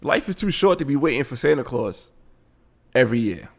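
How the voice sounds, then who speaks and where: A man talks through a video in loose, blunt live commentary. His pitch jumps around a lot as he reacts. He keeps an unscripted, conversational flow. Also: brisk, creaky, background noise. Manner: animated, blunt, frequent laughing asides. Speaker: host of a live commentary show.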